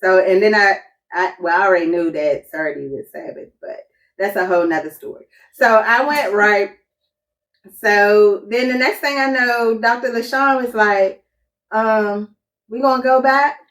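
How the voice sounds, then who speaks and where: A woman telling a personal story in a casual testimony chat, animated and acting out quotes. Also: medium pitch, normal speed, recorded from a distance.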